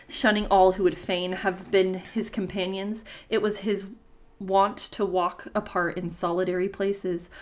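A woman's voice: mid-range voice, flat delivery, measured pace, darkish tone. A woman hosting a podcast, reading old-fashioned folktale prose aloud and breaking off now and then for casual, swearing asides.

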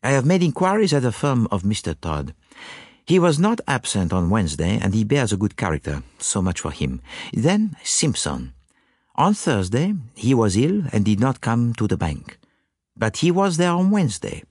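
A man's voice: medium pitch, normal speed, husky, no echo, studio quality, exaggerated voice. A man playing Hercule Poirot, fussy French-accented detective. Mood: matter-of-fact. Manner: excitable, indignant, theatrical. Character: fussy proud Belgian detective, middle-aged man.

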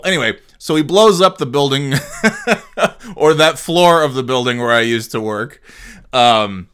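A man with a bright, forceful voice talks through a film plot in a loose, rambling way. He swears freely, laughs at his own asides, and keeps losing his thread with fillers and restarts. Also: mid-range voice, normal speed, smooth. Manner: digressive, profane, laughs often, trails off with fillers. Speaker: movie reviewer. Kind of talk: casual rambling movie recap.

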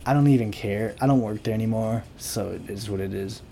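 A young man rambling through a sarcastic, deadpan comic monologue as host of his own talk show. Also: lowish voice, a little fast, vocal fry, a little hiss or hum. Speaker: podcast host. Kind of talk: casual comedic monologue.

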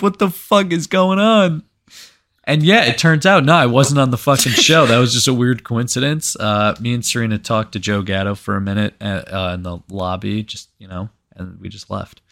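A man's voice: medium pitch, a bit bright. Rambling man telling a story. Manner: rambling, full of "like", swears freely. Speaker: podcast co-host. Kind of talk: casual storytelling chat.

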